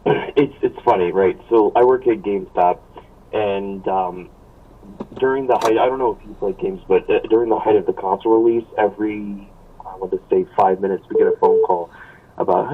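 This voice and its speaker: A man's voice: fairly low pitch, moderate pace, a little hiss or hum. A man calling in to a talk show, chatting casually with wry asides. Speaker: caller. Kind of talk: casual phone chat. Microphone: phone call. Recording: tinny distant phone line.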